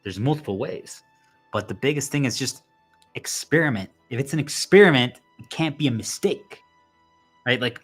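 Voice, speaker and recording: Rambling, animated man with faint music. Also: mid-range voice, moderate pace, breathy edge. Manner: rambling and animated, swings into loud exclamations. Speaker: video host. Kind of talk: casual monologue.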